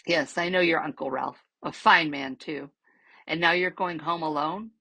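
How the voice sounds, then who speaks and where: A woman reading the part of a kindly older English sea captain, speaking gruffly and fatherly in a storybook. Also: low voice, steady tone, moderate pace, pushed and bright, exaggerated voice.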